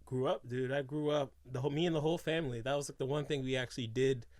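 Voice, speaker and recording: A young man from Boston co-hosting a relaxed podcast, with a mid-range voice. He rambles and leans on fillers as he talks. The recording is close and dry. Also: medium pitch, fast, no echo. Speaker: podcast co-host. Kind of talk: casual chat.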